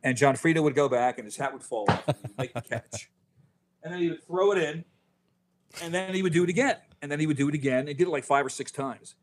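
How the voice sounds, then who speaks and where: A man in his fifties, an author telling stories as a podcast guest, animated, with quick restarts and lots of "you know.". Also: fairly high pitch, slight background noise. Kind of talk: casual podcast interview.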